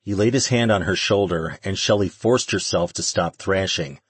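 A man reads the narration of an audiobook in a steady, even manner. His voice is very deep and husky. The recording is close and dry, with no room sound. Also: normal speed, no echo. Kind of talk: scripted narration.

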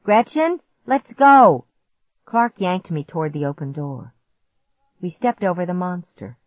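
A woman narrating a storybook in a measured, vivid first-person reading. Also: fairly low pitch, lively intonation, dry recording. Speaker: audiobook narrator. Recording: dull muffled audiobook recording.

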